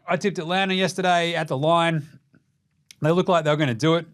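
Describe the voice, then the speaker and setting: Fairly quick and fairly bright, this young Australian's high-ish voice keeps a fairly even intonation. He hosts a sweary, laid-back basketball recap, cracking jokes and imitating players in mock voices.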